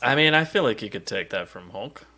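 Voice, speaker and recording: Animated man who laughs a lot. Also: medium pitch, a little fast. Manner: animated, laughs often, argues playfully. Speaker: podcast co-host. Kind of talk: casual comic book discussion.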